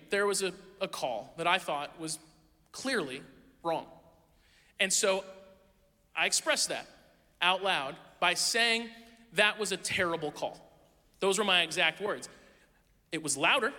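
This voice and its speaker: High, bright-voiced man preaching in a hall. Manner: candid, self-deprecating, lively anecdotes. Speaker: pastor. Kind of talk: conversational sermon storytelling. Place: church sanctuary. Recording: long reverb of a large hall.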